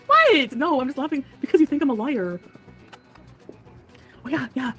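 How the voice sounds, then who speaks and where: A woman's voice: high-pitched, very animated, unhurried, fairly bright tone. Giggly streamer woman over faint music. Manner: giggly, evasive, keeps things private. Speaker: livestreamer answering chat. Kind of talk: casual live stream chat, played in a reaction.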